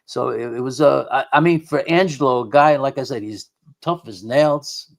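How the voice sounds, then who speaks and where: A middle-aged paranormal investigator, appearing as a guest, tells a story in a gravelly voice of medium pitch at normal speed. His storytelling is conversational and rambling, and he keeps repeating and restarting his words.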